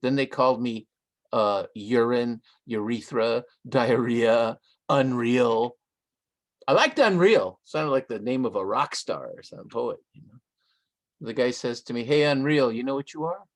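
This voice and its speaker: An older man from Southern California, a guest author, telling a story in a relaxed, conversational way and slipping Spanish phrases into his English, with laughs along the way. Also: mid-range voice, a little slow. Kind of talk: conversational storytelling in a live online interview.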